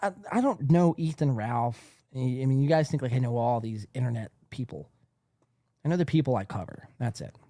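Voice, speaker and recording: Worn out from a long stream, this male podcast host rambles in casual livestream commentary, laughing as he reads the chat. He has a medium-pitched, expressive, dark-toned voice and a brisk pace, recorded in studio quality with no room sound.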